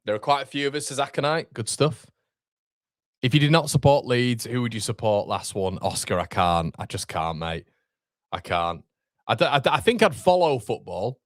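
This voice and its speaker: A man's voice: medium pitch, lively intonation, normal speed, no echo, studio quality. A young man with a Yorkshire accent hosting a live football watchalong, reading viewer comments aloud and bantering casually. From Northern England.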